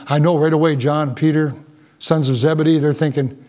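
Impassioned preacher man, high-pitched. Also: steady tone, fairly quick, a little mellow. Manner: impassioned preaching, rising to high emphatic peaks. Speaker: pastor. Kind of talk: sermon.

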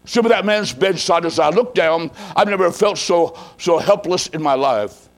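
A man preacher telling a story in a sermon, dramatic, swinging from hushed low tones to loud emphasis. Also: moderate pace, low-quality recording.

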